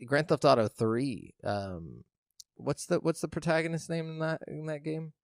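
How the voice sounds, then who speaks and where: A young man co-hosting a gaming podcast in casual chat, easygoing and hesitant, with plenty of "uh" pauses. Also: a little high, vocal fry, no room sound, clean studio sound. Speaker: podcast co-host.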